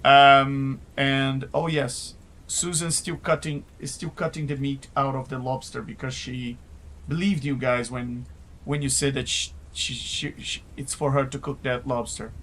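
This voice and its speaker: A man running a live-play tabletop game as game master, narrating haltingly with many filler sounds. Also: medium pitch, fairly even intonation, a bit bright, a little hiss or hum.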